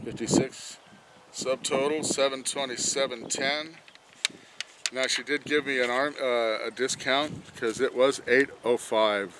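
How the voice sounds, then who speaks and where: The voice is mid-range, steady and unhurried, with noise in the background, as a vlogger reviews a truck job outdoors next to his truck. He's out of breath from bending over, rambling, chuckling and talking to himself as he works.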